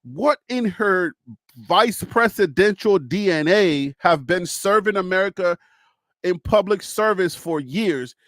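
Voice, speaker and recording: A man's voice: high voice, expressive, measured pace, a bit bright, no echo. A man hosting a casual political discussion, laughing often, talking straight to one person and walking through things step by step. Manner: addresses a caller or chatter directly. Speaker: host.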